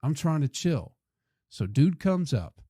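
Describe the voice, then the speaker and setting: A man's voice: on the high side, sing-song, slow pace, warm tone, slightly rough, dry recording, clean studio sound. A young man hosting a podcast, telling a rambling, profane, exasperated comic story. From Flint, Michigan. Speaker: podcast host, comedian.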